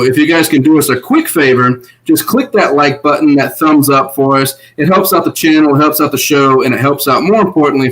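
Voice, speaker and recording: A man's voice: mid-range voice, poor audio. A man co-hosting a casual online show, talking animatedly and laughing often. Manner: animated, laughs often, voices quoted contestants. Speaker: podcast co-host. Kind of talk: casual recap chat.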